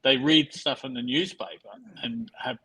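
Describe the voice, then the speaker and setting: A man's voice: mid-range voice, steady tone, normal speed, bright, forceful tone, husky, rough recording. A man with an Australian accent, a wry guest chatting on a video call. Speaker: panel guest. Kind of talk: casual chat.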